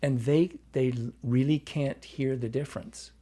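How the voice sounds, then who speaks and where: A man from Iowa working as a dialect coach, telling animated stories as a podcast guest and acting out the dialogue he quotes. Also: medium pitch, a little slow, breathy edge. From Iowa, US Midwest. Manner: animated storyteller who acts out quoted dialogue. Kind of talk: casual podcast storytelling.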